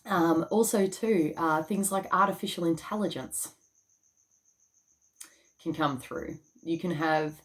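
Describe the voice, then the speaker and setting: A woman's voice: on the low side, takes it slowly, long pauses. An Australian woman talking casually to her viewers, chatty, swearing freely and saying "okay" again and again. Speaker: spiritual channel and YouTuber. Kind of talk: casual talk to camera.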